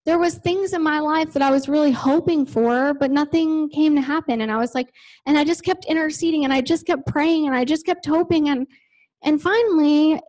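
A woman's voice: high voice, darkish tone, rough recording. A woman giving a conversational sermon in a church, chatty, with many "like" and "you know" fillers. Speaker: preacher.

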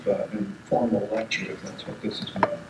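A man's voice: on the low side, wildly swooping pitch, brisk. An older man giving an informal lecture, telling wartime stories in a rambling way with restarts and asides. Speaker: guest lecturer. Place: lecture room. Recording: echoey hall, background noise.

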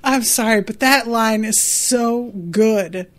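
Slow-talking, giggly woman podcaster. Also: a little high, fairly bright tone. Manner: gushing, giggly, swears casually. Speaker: podcast host. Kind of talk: casual book-discussion podcast.

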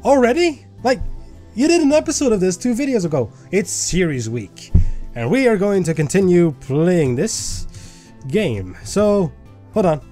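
A young man hosting a let's play, chatty and animated as he talks through a game. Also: sits high, a little slow, faint music behind. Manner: animated and chatty, reading game dialogue aloud. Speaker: gaming video host.

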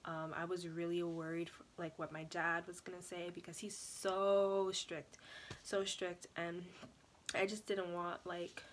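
Chatty young woman, low voice. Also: slight background noise. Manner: chatty, animated, fillers like "like" and "you know". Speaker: vlogger. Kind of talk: casual storytelling vlog.

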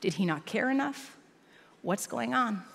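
A woman pastor preaching a sermon, swinging between loud emphatic lines and hushed asides. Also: a little high, lively intonation, unhurried, creaky. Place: large church auditorium. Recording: long reverb of a large church hall.

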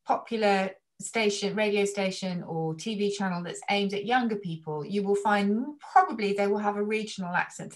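A woman from England with a received pronunciation accent, a language expert explaining things in an interview in a measured, thoughtful way with frequent ums. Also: medium pitch. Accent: British received pronunciation.

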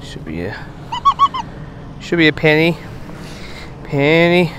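A man giving casual running commentary while metal detecting on a beach at night, chatting to his finds with excited bursts. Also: a little high, slow, background noise. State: out of breath.

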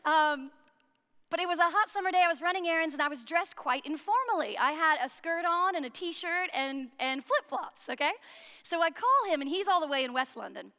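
A woman's voice: very high voice, animated, fairly quick, pushed and bright. An American woman priest giving a sermon, chatty and humorous, asking the listeners questions. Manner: conversational and humorous, with rhetorical questions. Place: church hall. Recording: long reverb of a church hall.

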